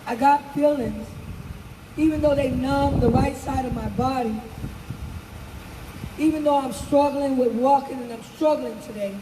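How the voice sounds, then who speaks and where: A woman's voice: high voice, unhurried, long pauses. Older woman giving a fervent rally speech. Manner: emphatic, repeating phrases for effect. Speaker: speaker at a protest rally. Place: outdoor street rally. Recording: distant, echoey outdoor sound with loud traffic noise.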